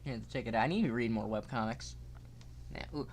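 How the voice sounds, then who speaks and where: A young man streaming a game live, casual and excitable, cursing often and swinging from mock calm to yelling. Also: medium pitch, quick pace, a little hiss or hum.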